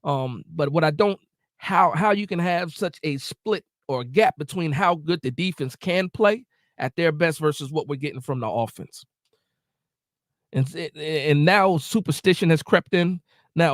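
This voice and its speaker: A man's voice: a little high, animated, moderate pace, no room sound, clean studio sound. A man hosting a live post-game reaction stream, ranting emotionally and repeating himself while following the chat. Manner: reads and answers live chat.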